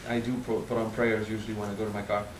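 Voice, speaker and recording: A man's voice: fairly low pitch, echoey room, distant mic, a little hiss or hum, poor audio. French-accented man teaching a spiritual seminar. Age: 30s. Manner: frank and animated, swears casually, stresses words slowly. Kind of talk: seminar talk.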